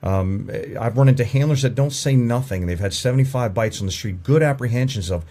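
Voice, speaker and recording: A man's voice: mid-range voice, brisk, warm tone. A man who trains police dogs, a podcast guest telling frank stories with stammering restarts and some swearing. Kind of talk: casual podcast conversation.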